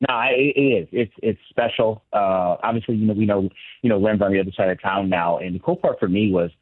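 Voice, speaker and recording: A man's voice: lowish voice, brisk, dry recording. A former ballplayer, now a broadcaster, talking candidly as a guest on a sports radio show, often restarting his sentences. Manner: candid, reflective, frequent restarts. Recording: tinny phone line.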